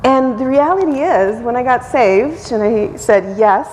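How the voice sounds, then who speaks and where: A woman missionary in her forties addressing a church and praying, tearful and emotional, often pausing with fillers. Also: a little high, animated, darkish tone, big-room sound, a little hiss or hum, rough recording. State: crying. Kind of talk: church talk and prayer. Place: church sanctuary.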